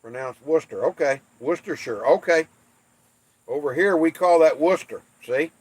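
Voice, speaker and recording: A man's voice: fairly high pitch, normal speed, darkish tone, husky, dry recording. A man from the United States hosting a livestream, reading viewer comments and joking about English place names in playful trash talk. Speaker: livestream host.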